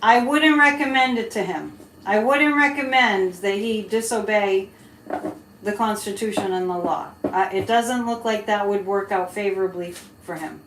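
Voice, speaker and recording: A woman's voice: medium pitch, moderate pace, fairly bright tone. A woman hosting a live-stream psychic reading, chatting loosely with viewers and laughing between remarks. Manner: chatty, laughing, rambling asides to chat. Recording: echoey room, faint background hiss.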